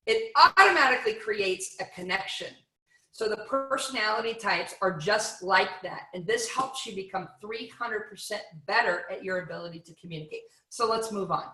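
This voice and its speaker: A woman giving an energetic, playful seminar talk to an audience, full of rhetorical questions. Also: medium pitch, moderate pace, reverberant. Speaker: motivational speaker.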